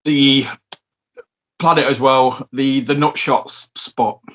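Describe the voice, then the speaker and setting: A friendly, enthusiastic male host interviews a guest on a podcast. His voice is of middle pitch, and the audio sounds slightly dull. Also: steady tone, slow pace, a bit bright.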